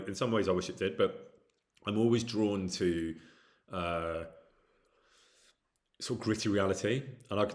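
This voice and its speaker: A middle-aged man with a light Midlands accent, chatting casually and candidly as he answers viewer questions, with frequent ums and restarts. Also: on the low side. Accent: light Midlands English. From England. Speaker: actor streaming with chat.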